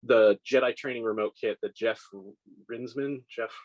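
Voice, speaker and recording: A man's voice: medium pitch, steady tone, normal speed, highs cut off. A man in his forties, a scale model maker, telling stories in a casual interview with lots of restarts and self-deprecating laughs. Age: 40s.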